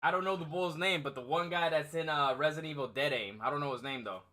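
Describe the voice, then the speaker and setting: A man's voice: fairly high pitch, fast, pushed and bright. A man hosting a casual gaming chat stream, laid-back and laughing often, swearing freely. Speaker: streamer host.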